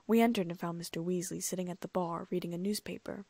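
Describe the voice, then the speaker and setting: A woman narrating a first-person fan fiction audiobook in a lively, amused way, close to the mic. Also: on the low side, fast, dry recording.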